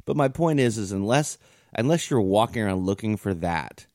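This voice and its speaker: A man's voice: on the low side, expressive, normal speed, a little mellow, no room sound, studio quality. A man co-hosting a podcast, talking bluntly and sarcastically in a casual, profane chat. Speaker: podcast co-host.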